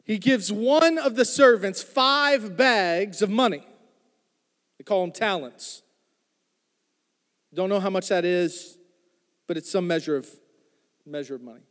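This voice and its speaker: A man's voice: high-pitched, measured pace, pauses often, a bit bright, long reverb tail. A man preaching a sermon, reading scripture and retelling it in a joking, conversational way, calling out to the congregation. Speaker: pastor.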